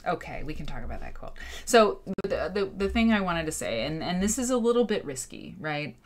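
A woman in her thirties hosting a quilt livestream, animated and exasperated, with sarcastic asides. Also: low-pitched, brisk, a little hiss or hum. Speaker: quilt show host. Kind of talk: livestream talk. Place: home studio with green screen.

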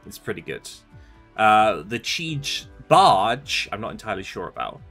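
A man's voice: on the low side, big pitch swings, measured pace, a bit bright, soft background music. A young man streaming a game, chatting casually and a bit sleepily as he answers his chat in a rambling way. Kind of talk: casual live-stream chat while gaming.

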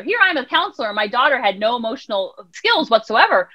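A woman, a child counselor and life coach, talking as a guest on a podcast, animated and acting out quotes in voices. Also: on the high side, fast, dry recording. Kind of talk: podcast interview conversation.

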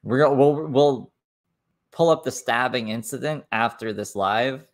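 Man, live reaction commentary, sarcastic asides, mid pitch. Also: unhurried.

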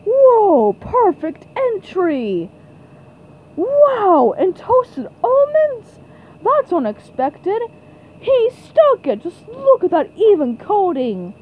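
A woman's voice: high voice, big pitch swings, takes it slowly, phone-quality sound, exaggerated voice. Woman doing a cartoon sports announcer. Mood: excited. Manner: play-by-play commentary, exclamatory. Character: excitable male sports announcer. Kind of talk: fan dub of a cartoon.

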